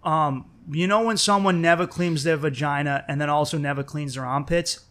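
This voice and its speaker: A young man in casual chat, telling a story with lots of swearing and lively acted-out quotes. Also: a little high, moderate pace. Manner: profane, animated, acts out quoted voices.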